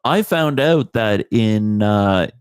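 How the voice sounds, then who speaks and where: Lowish-voiced man, animated storyteller. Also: slow pace, clean tone, no echo, clean studio sound. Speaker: co-host. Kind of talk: casual chat.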